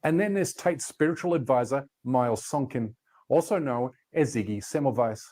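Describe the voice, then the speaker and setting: A man's voice: mid-range voice, expressive, moderate pace, mellow. Man narrating a commentary video.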